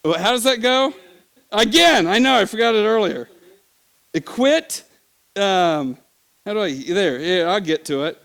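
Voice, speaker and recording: A middle-aged man preaching in a church, telling stories with animated bursts, sudden shouts and laughter. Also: sits high, unhurried, creaky, long pauses. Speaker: pastor. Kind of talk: sermon.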